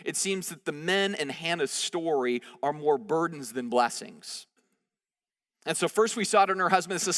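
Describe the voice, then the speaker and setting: A man preaching a sermon as pastor at a church service, conversational and animated, often acting out the voices in the story. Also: on the high side, moderate pace, long reverb tail. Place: church service, large room.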